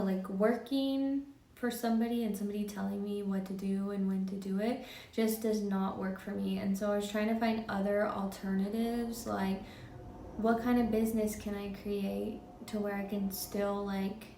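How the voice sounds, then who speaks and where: A woman's voice: mid-range voice, darkish tone, reverberant, recorded from a distance, a little hiss or hum. A woman in her twenties speaking candidly in a casual personal vlog, chatty and open. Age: 20s. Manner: candid, chatty, quick laughs. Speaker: vlogger.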